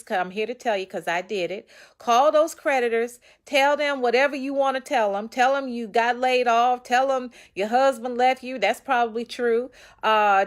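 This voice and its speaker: A woman author giving casual, preachy motivational advice straight to her viewers. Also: fairly high pitch. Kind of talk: casual motivational talk to camera.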